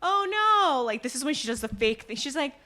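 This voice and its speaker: A woman's voice: on the high side, fast talker. A woman co-hosting a podcast, recapping a drama in casual chat and acting out the characters' lines. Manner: animated, acts out characters' lines. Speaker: podcast co-host.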